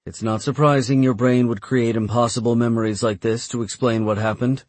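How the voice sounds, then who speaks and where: A man voicing a stern woman military captain who speaks with calm, condescending sympathy. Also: medium pitch, a little fast, no echo, lightly acted. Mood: coolly dismissive.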